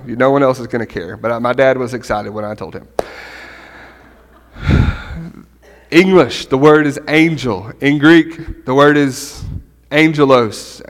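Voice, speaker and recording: A middle-aged man giving a conversational sermon as a pastor, animated and often checking in with "right?". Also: medium pitch. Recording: long hall reverb.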